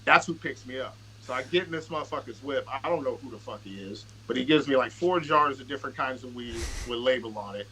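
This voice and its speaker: A podcast guest with a bright, forward, medium-pitched voice tells loose, profane stories fast, with few pauses. He's casual and unpolished, often restarting mid-sentence, slipping into quoted dialogue, and leaning heavily on fillers. The low-quality recording carries a faint hiss of background noise.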